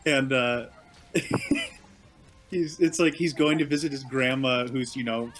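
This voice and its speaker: A young man of ordinary, middle pitch chats with friends during a game, relaxed and often laughing as he tells stories. Faint music runs behind his voice. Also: takes it slowly. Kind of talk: casual chat while playing a video game.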